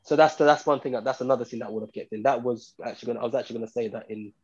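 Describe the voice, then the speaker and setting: A man's voice: mid-range voice, rapid-fire, breathy edge, dull audio. A man co-hosting a podcast, chatting casually about a film in a rambling way, repeating himself with many fillers. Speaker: podcast co-host. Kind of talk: casual film review chat.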